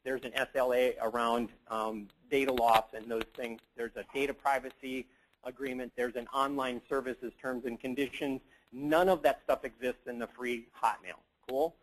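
A man gives a loose, joking conference talk to a room. His voice sits in a mid range for a man. He rambles through asides and fills pauses with frequent "uh" and "um". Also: medium pitch, fairly even intonation, a little hiss or hum, poor audio. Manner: casual, joking, rambling with many fillers. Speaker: conference presenter.

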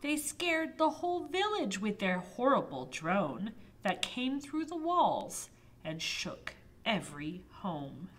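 A woman librarian reading a picture book aloud to toddlers, expressive, with asides to the children. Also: mid-range voice, slight background noise. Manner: slow, lilting and expressive. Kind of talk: toddler storytime read-aloud.

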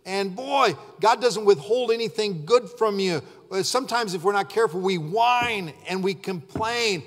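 A male pastor preaching a sermon with fervor, shouting out acted prayers and then dropping low and quiet. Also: moderate pace, hardly any pauses. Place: church sanctuary. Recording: long church reverb.

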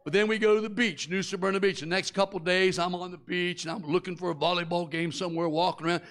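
A man's voice: high-pitched, steady tone, fast, fairly bright tone. A middle-aged man preaching a sermon, telling a personal story and acting out the voices and screams of the people in it. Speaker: guest preacher.

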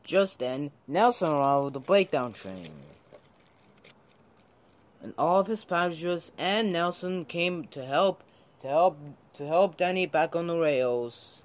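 A man narrating a homemade train story in a slow, halting way with many restarts. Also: a little high, animated.

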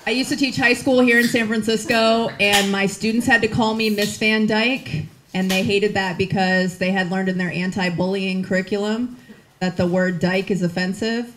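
A woman from the Midwest doing a stand-up set, chatty and rambling with many fillers. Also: medium pitch. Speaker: stand-up comedian, former teacher. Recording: crowd audible around stage.

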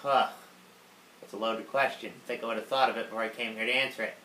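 A man's voice: on the low side, fairly even intonation, fast, sharp tone. Self-mocking male gaming host, casual Q&A, roomy sound. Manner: sarcastic, self-mocking, swears freely. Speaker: YouTuber host. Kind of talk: casual viewer Q&A. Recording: roomy room with faint noise.

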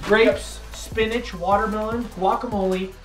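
A man's voice: high voice, steady tone, unhurried, roomy sound, music in the background. A young man giving an upbeat tour of his little decorated house and proudly showing off each item. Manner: upbeat, showing off items like a salesman. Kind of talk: casual chat, house tour. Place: indoors, small decorated hut.

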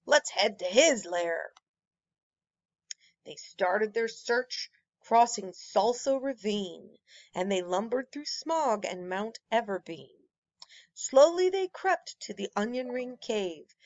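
A woman reading a rhyming children's picture book aloud with an expressive, rhythmic delivery. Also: a little high, slow pace, no room sound, highs cut off. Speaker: storyteller.

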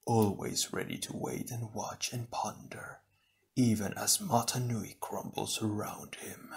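A shadowy evil spirit , put on by a man coos and hisses in a slow, hushed, silky hush. The voice sits low. It mocks from the dark in an audiobook. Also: fairly even intonation, vocal fry. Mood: silky mocking. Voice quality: hissing, silky, cooing.

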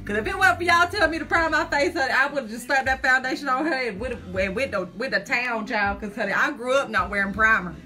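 Her voice sits high and sounds pushed and bright, racing along with hardly a pause. Streaming from her phone at home, she chats casually while selling makeup, folksy and jittery, talking through her nerves and calling people "honey" and "child."

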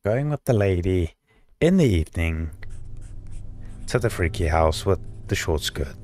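Sarcastic deep-voiced gamer. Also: male voice, big pitch swings, a little mellow. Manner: sarcastic, swearing, reads aloud haltingly. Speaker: let's play host. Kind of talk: gaming commentary. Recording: game music behind.

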